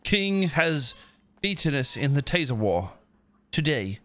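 A man's voice: medium pitch, very animated, a little slow, a bit bright. A man live-streaming a roleplay game, chatting casually and using playful baby talk. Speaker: streamer and roleplay server owner.

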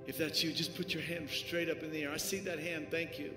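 A man preaching as a pastor, giving an altar call with pleading, repetitive urging that swells at times into shouts. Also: a little high, flat delivery, fairly quick, few pauses, music in the background. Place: church sanctuary with live music. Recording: echoey hall, live stream.

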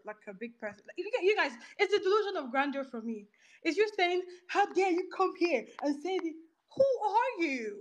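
Woman going off in a heated argument, high voice, snappy and sarcastic. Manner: confrontational, sarcastic, rapid rants. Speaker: speaker in an online audio room.

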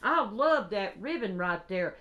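Gushing woman, slow and excitable. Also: mid-range voice, muffled recording. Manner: gushing, excitable, drawn-out exclamations. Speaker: crafting vlogger. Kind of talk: casual unboxing chat.

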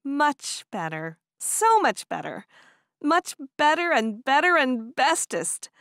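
A woman narrator voicing an eager, chatty young Amish woman who talks high and breathless. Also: big pitch swings, a little slow, a bit bright, no room sound, clean studio sound, full character voice. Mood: delighted. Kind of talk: audiobook character voice.

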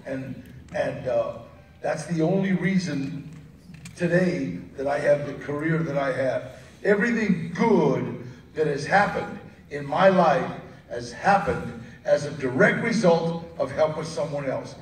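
A man's voice: on the high side, lively intonation, a little slow. A man interviewed at a movie premiere, telling stories casually, often laughing and acting out the voices of people he quotes. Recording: roomy, distant mic with crowd noise.

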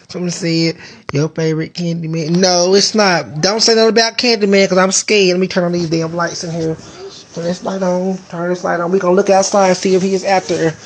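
A woman's voice: on the low side, little pitch movement, moderate pace. Woman, live-stream host, casual chat, rambling, swearing, playful, at home, phone mic. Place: indoors at home.

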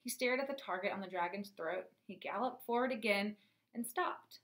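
A woman narrating a children's storybook in a lively, clear reading voice. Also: medium pitch, moderate pace. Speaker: audiobook narrator.

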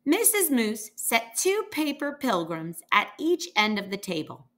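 Slow, lively woman reading a storybook. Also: a little high. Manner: lively character voices, slow and expressive. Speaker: reader. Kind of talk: children's picture book read-aloud.

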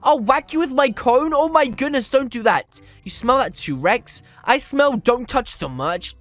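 A man hosting energetic gameplay commentary, excitable and reading chat aloud, with "flipping" in place of swear words. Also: very high voice, a little slow, few pauses, dry recording. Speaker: gaming channel host.

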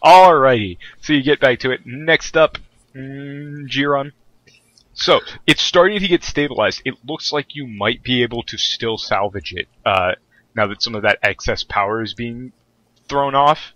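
A man runs a tabletop game as its game master, describing scenes and trading jokes with his players. His voice is bright and forward, with a dry, close sound and no room around it. He laughs often between lines. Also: medium pitch, normal speed, no room sound, muffled recording. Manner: laughs often, relaxed joking narration.

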